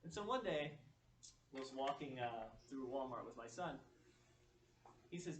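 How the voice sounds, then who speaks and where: A man gives a motivational keynote to a room of students, his voice picked up from a distance in an echoey hall. He tells stories in a lively way, acting out what others said to him. Faint room sound sits behind him. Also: mid-range voice, fairly quick, long pauses, slight background noise. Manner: storytelling, animated quoting of others. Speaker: motivational speaker. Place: large echoey room, speaking to an audience.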